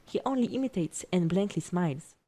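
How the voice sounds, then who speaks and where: A woman narrating a scripted video essay in an even, careful reading voice. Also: fairly low pitch, a little fast.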